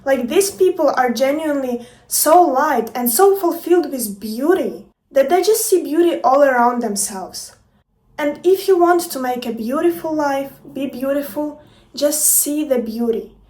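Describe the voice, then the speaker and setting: A woman's voice: sits high, expressive, a little slow, darkish tone. A woman and life coach talking to her viewers in a casual motivational vlog, playful and emphatic, swearing freely. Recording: echoey room, distant from mic.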